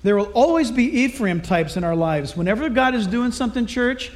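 Very high-voiced male preacher. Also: a little fast. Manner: lively, conversational, humorous preaching. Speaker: pastor. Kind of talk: sermon.

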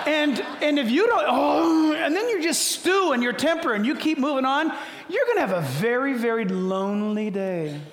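An older man preaching a sermon as a pastor, joking and animated, dropping suddenly to a quiet voice. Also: very high-pitched. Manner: humorous, animated storytelling with sudden drops to quiet. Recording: echoey hall.

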